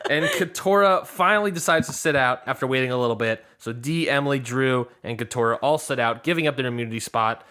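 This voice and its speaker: A man's voice: medium pitch, quick pace, hardly any pauses, pushed and bright, clear, resonant tone. A man co-hosting a podcast, retelling a reality show episode in casual chat and acting out the players' lines. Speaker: podcast co-host.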